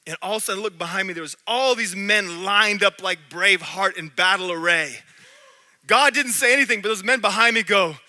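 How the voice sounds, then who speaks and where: A man preaching a sermon in a church, animated, swinging between loud and hushed. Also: high voice, brisk. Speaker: pastor.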